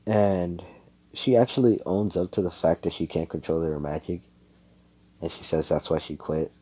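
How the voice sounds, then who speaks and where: A young man spins a fan-made anime story over voice chat, rambling and stopping to fix his words. His voice is deep and mellow. He swears freely and talks casually into a headset mic at home. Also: poor audio. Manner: rambling, profane, self-correcting. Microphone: computer headset mic.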